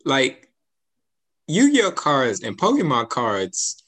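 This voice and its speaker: A man's voice: medium pitch, huge pitch swings, slow, fairly bright tone. A young man chatting casually, telling childhood stories with easy laughter. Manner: laid-back storytelling, laughs often, acts out quotes. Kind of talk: casual chat.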